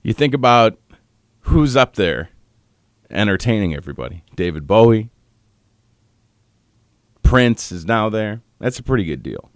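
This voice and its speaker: A male radio host on his morning show, talking in a halting way and holding back tears, with pauses and restarts. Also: lowish voice, big pitch swings, no room sound, studio quality. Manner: halting, choked up, pausing often. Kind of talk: on-air morning show tribute. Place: radio studio.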